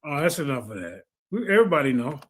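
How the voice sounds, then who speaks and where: A man's voice: medium pitch, sing-song, fast talker. A man hosting a livestream, combatively rebutting a rival and reading out sources with lots of repeated phrases. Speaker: streamer host.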